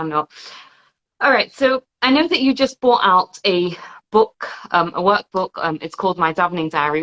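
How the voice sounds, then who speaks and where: A woman podcast host interviewing her guest, lively and often restarting her words. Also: fairly low pitch, highs cut off. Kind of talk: casual video-call interview.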